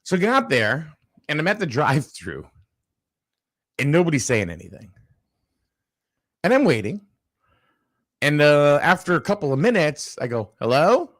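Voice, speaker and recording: A man's voice: a little high, normal speed, pauses often. A man hosting a casual morning radio chat, telling a story and acting out its voices. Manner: animated storyteller, acts out voices in anecdotes. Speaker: radio show host.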